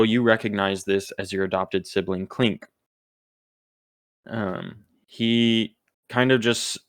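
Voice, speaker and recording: Man narrating a tabletop game, deliberate. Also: on the low side, a bit bright, smooth, no echo. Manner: slow, descriptive, with fillers. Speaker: game master.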